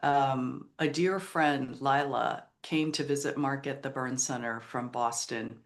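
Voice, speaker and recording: A woman's voice: a bass voice, fairly even intonation, measured pace. Earnest middle-aged woman telling a story. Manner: earnest, emotional, retells quotes in other voices. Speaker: podcast guest, memoir author. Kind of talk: heartfelt storytelling interview.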